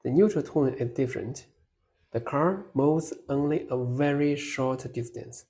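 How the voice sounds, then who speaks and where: A man teaching a beginners' pronunciation lesson in a scripted, deliberate way, holding out model syllables for the listener to repeat. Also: medium pitch, mellow. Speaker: language teacher.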